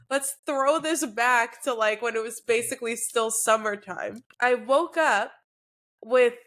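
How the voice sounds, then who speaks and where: A woman with a fairly high voice talks as a podcast guest, her sound thick and nasal with congestion. She chats casually and pokes fun at herself. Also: slow pace, a bit bright. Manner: chatty, self-deprecating.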